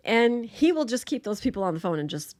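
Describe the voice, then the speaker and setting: A woman's voice: a little high, sing-song, fairly quick, a little mellow, no echo, studio quality. A woman talking casually as a podcast guest, laughing often and restarting her sentences as she thinks. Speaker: podcast guest, patient advocate. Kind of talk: casual conversation.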